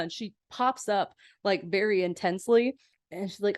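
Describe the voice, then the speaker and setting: A woman podcast host, casually recapping a TV episode and bouncing into a higher voice to quote lines. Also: moderate pace, dry recording, studio quality. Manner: chatty, laughs often, quotes lines in a higher voice.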